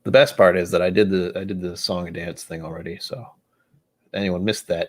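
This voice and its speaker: Low-voiced man rambling on a livestream. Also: steady tone, fairly quick. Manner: rambling and self-deprecating, muttering asides to himself. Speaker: livestream host. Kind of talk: casual livestream chat.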